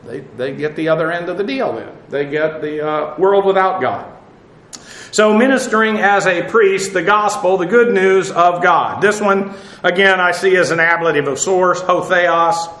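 A man teaching a verse-by-verse Bible study, explaining Greek words in an unhurried way with many "uh" fillers and spelling terms out letter by letter. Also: high voice, a bit bright, echoey room.

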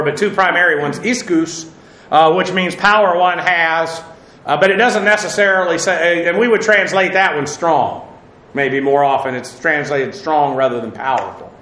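A man with a high, bright voice leads a verse-by-verse Bible study, unpacking Greek words and spelling them out letter by letter. He talks in a relaxed way, full of fillers, and chuckles at his own jokes. The room has a noticeable echo. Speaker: Bible teacher.

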